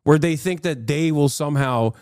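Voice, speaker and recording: A man's voice: on the high side, moderate pace, a little mellow, clear, resonant tone, no room sound, clean studio sound. An American man live-streaming, reacting to posts and chat in a profane, combative, mocking rant. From United States.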